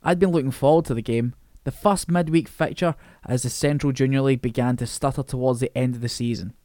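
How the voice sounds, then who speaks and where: A man narrating a novel in a steady, wry manner. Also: medium pitch, fairly quick, no room sound, clean studio sound. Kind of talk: reading a novel aloud.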